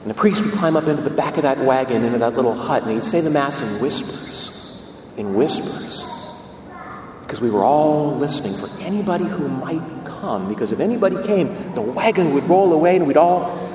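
A man's voice: a little high, animated, fairly quick, a little mellow, slight background noise, lightly acted. A man voicing a friendly Irish village man with an Irish brogue, proudly telling local history, in an echoey church from a distance. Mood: proud, earnest.

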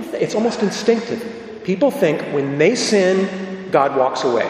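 A priest giving a sermon, telling the story dramatically, sometimes dropping to a low hush. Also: male voice. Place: large church. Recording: echoey church with long reverb.

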